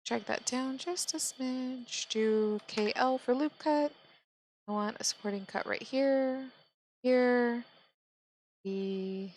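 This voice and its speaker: A woman with a slightly high voice and a gravelly edge, talking slowly through a screen-recorded tutorial. She gives calm step-by-step instructions and thinks aloud as she works. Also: a little hiss or hum, rough recording. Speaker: 3D modeling tutor.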